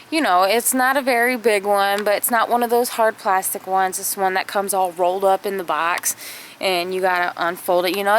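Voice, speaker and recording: A woman's voice: medium pitch, slight background noise. A woman vlogger telling a family story in a chatty, casual way, full of fillers and acted-out quotes.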